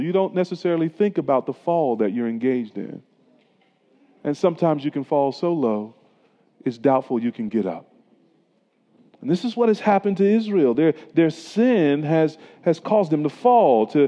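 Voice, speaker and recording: A man's voice: a little high, warm tone. A middle-aged man preaching a sermon as a pastor, in a conversational style that weaves in personal stories. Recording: dull lo-fi sound with long hall reverb.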